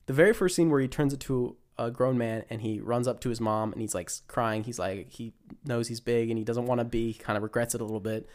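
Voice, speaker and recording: A young man co-hosts a casual podcast about films. He retells plots in a loose, rambling way and often breaks off to restart a sentence. His voice sits at an ordinary middle pitch. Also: quick pace, hardly any pauses, a little mellow. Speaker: podcast co-host. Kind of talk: casual film chat.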